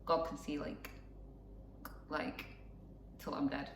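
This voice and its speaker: A woman's voice: low-pitched, flat delivery, slow pace, reverberant, far from the mic, a little hiss or hum. A young woman telling a personal story to camera in a casual, rambling way, with lots of fillers and asides. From England. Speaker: vlogger.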